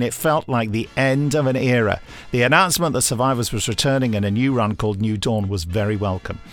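A man co-hosting a podcast, his voice sitting at an everyday pitch. He reads listener mail in a loose, jokey way, breaking off to laugh at his own asides, with faint music underneath. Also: a bit bright. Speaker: podcast co-host. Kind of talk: casual chat, reading listener emails.

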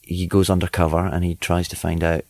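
A man's voice: deep voice, flat delivery, fairly quick, a little mellow. A Scottish actor talking about his role in an interview soundbite, hesitant with many fillers.

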